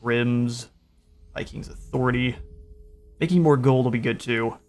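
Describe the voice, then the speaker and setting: Easygoing male gaming host, mid-pitched, thinks aloud, faint music behind. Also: unhurried. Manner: relaxed, thinking aloud with frequent fillers. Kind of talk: casual strategy game commentary.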